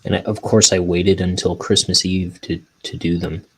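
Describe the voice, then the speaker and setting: A man's voice: low-pitched, flat delivery, normal speed, husky, rough recording. A man chatting casually and rambling while he inks his graphic novel, often poking fun at himself. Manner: rambling, self-deprecating. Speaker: cartoonist inking a graphic novel. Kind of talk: casual chat while working.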